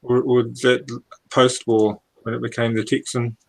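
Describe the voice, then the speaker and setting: A man's voice: mid-range voice, little pitch movement, moderate pace, gravelly, a little mellow, rough recording. A man on a casual video call, asking questions and musing keenly about old planes. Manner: enthusiastic, asks questions, muses aloud. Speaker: guest on a hobby hangout.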